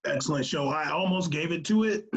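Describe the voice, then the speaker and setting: A man co-hosting a music podcast in casual chat, laughing often and running down lists quickly. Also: fairly high pitch, highs cut off. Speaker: podcast co-host.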